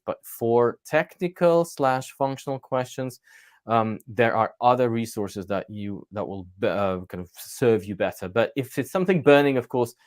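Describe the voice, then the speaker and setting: A man co-hosting a live coaching stream, presenting in an energetic, emphatic way with plenty of fillers. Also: fairly low pitch, no room sound, studio quality.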